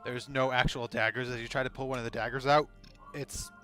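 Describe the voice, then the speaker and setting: A man narrating as game master in a halting way, full of fillers and restarts. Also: medium pitch, steady tone, sharp tone, soft background music.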